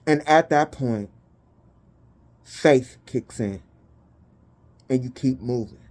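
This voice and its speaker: This tarot reader, a woman with a rumbling low voice, gives a spiritual reading in a warm, mellow way. She swears freely and talks bluntly and emphatically, pacing her keyword lists out slowly and with care.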